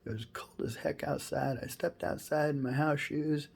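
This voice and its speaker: A man's voice: on the high side, steady tone, moderate pace, creaky, a little mellow, breathy edge, voice pushed up. A man doing a big burly firefighter guy. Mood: boisterous.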